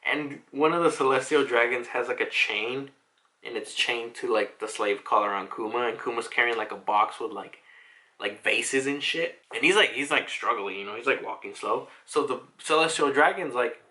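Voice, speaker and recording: A man's voice: mid-range voice, normal speed, sharp tone. A young man casually recapping a manga chapter, chatty and full of "like" fillers, acting out the characters' lines and swearing now and then. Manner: chatty, lots of "like" fillers, acts out quotes.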